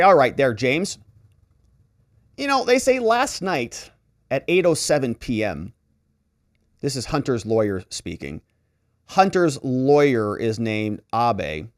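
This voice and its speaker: Reading letters aloud with sarcasm, a male lawyer offers casual legal commentary and mocks the writers with silly voices while paraphrasing. He has a medium-pitched voice, captured in clean studio sound with no room sound.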